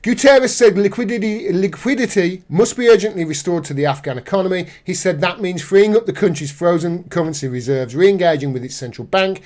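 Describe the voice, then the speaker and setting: A man's voice: high-pitched, a little fast, hardly any pauses, darkish tone. A man hosting a live political commentary stream, reading news aloud and reacting with indignant sarcasm.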